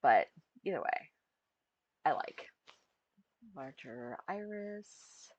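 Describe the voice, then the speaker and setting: Streamer voice, slow and husky, muttering half-thoughts to themselves on a dull, lo-fi stream mic. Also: medium pitch, sing-song. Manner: muttering to self, trailing off mid-thought. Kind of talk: casual live-stream chat while building an avatar.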